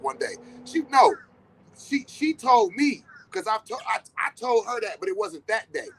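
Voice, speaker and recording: A man's voice: a little high, slight background noise, rough recording. Blunt, profane man telling stories. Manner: blunt, profane, emphatic repetition; animated storytelling with quoted dialogue. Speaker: podcast host. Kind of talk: casual monologue.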